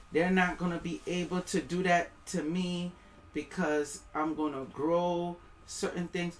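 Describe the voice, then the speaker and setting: A man's voice: fairly high pitch, measured pace, a little hiss or hum. A man with a West Indian accent giving rambling, preachy live-stream commentary, reading aloud and stumbling over words.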